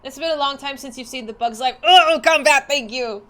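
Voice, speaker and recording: A woman's voice: sits high, steady tone, a little fast, a bit bright. A woman streamer chatting casually and swearing freely while she plays a game. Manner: bubbly, giggly, swears freely. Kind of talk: casual gaming livestream chat.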